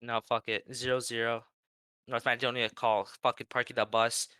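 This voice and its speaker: A man's voice: medium pitch, flat delivery, normal speed, bright, forceful tone, clean tone, no room sound. A man co-hosting a casual chat over an online call, brash and teasing, swearing freely. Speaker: co-host.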